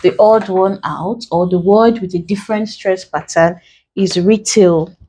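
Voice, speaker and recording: Slow, deliberate woman tutoring English. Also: mid-range voice, fairly even intonation, mellow, husky. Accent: Nigerian English. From Nigeria. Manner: slow, deliberate, spelling out each step. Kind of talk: online exam lesson.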